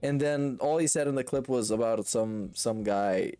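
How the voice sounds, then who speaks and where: A man's voice: medium pitch, normal speed, dark tone, no room sound, faint music behind. A man hosting a stream, reacting to clips with sarcastic, mocking commentary. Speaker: stream host.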